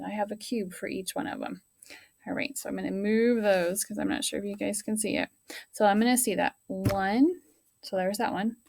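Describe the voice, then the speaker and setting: A woman teacher modeling a writing lesson for young children, talking slowly and sounding out words and counting aloud. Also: mid-range voice, vocal fry, a little mellow.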